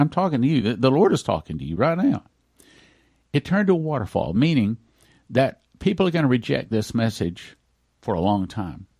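Earnest pastor preaching, dry close mic. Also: male voice, medium pitch, husky, no room sound. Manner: earnest, swings from loud emphasis to hushed near-whispers. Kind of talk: radio sermon.

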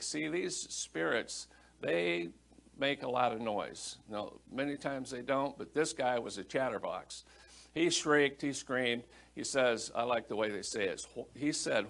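A middle-aged man teaches scripture from the pulpit in a relaxed, conversational, storytelling way. He reads verses aloud and then talks them through as if chatting with the congregation. His voice sits in an ordinary middle pitch. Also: unhurried, gravelly. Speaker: pastor. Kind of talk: sermon, Bible teaching.

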